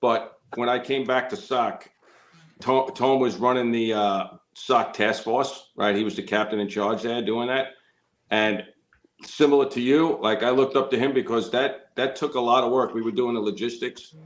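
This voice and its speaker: A man's voice: mid-range voice, steady tone, moderate pace. A man, a firefighter, chatting casually on a podcast and jumping in with teasing asides. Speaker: firefighter, guest. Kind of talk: casual chat. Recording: echoey room.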